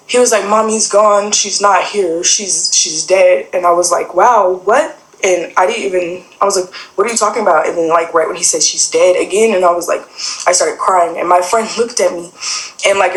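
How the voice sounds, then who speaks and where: Low-voiced young woman telling a story in a roomy space. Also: a bit bright. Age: young adult. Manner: rambling, many fillers and quoted dialogue. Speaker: guest sharing a personal story. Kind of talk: casual personal storytelling. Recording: roomy echo.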